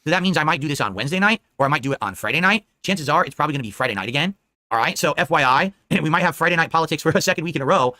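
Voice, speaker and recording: This live-stream commentator has a bright, high-pitched voice and a rapid delivery, and he's animated and indignant as he rambles along. "All right?" comes up again and again as he checks in. The audio is close and dry without any echo.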